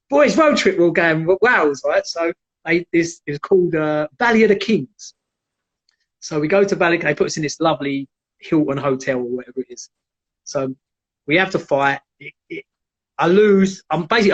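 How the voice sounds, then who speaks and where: A man, a former MMA fighter, telling lively stories casually as a guest and acting out quotes in a raised voice. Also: fairly high pitch. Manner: animated, acts out quotes in raised voice. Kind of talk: casual storytelling on a livestream. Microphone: video call. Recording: dull lo-fi livestream audio.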